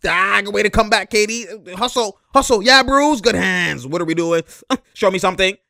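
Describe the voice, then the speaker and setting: Young male sports commentator, animated and slangy; bright, punchy tone, dry close recording. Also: high-pitched, moderate pace, vocal fry, no echo. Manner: animated, laughs often, slangy, mimics players. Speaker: sports commentator reacting to game footage. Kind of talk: excited play-by-play reaction commentary.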